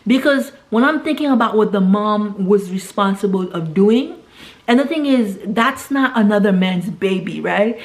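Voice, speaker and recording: A woman in a mid-range voice talks through a movie's plot in a loose, chatty way. She keeps checking in with "right?" and slips into brief quoted voices for the characters. It sounds like a relaxed home vlog. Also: medium pitch. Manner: chatty, retells scenes with quick quoted voices, frequent tag "right?". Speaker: vlogger reviewing films. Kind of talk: casual film recap.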